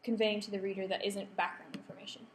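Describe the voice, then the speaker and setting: A woman's voice: medium pitch, little pitch movement, fast talker. A woman giving a lecture to students, often checking in with the room and polling the audience. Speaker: workshop presenter. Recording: echoey room, faint background hum.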